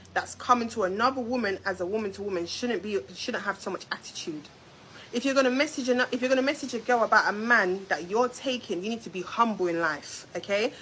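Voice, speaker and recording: A young woman telling a story on a live stream, talking straight to her viewers in a confrontational, animated way. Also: medium pitch, slight background noise, rough recording. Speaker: YouTube storyteller. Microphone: phone or webcam on a live stream.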